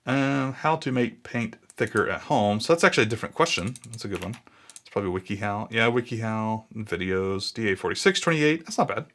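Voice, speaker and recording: A man in his thirties with a lowish yet slightly bright voice narrates a casual screen-recording walkthrough as a blogging YouTuber. He's animated and brisk, thinking aloud, muttering and getting easily sidetracked. Keyboard clicks can be heard in the background.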